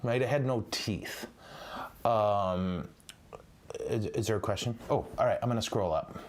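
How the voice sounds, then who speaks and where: A man's voice: lowish voice, a little slow. A man, a priest, giving a livestreamed teaching in a chatty, joking, digressive way. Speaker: priest teaching church history.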